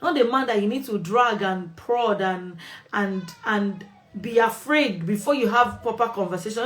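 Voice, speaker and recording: A woman's voice: mid-range voice, moderate pace, a bit bright. Emphatic woman giving relationship advice. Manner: emphatic, repeats phrases for stress. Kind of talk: direct-to-camera advice talk.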